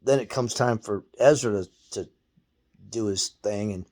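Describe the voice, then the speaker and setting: A man's voice: on the low side, measured pace, a little mellow. Profane, blunt man telling a story. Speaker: guest storyteller. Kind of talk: casual storytelling.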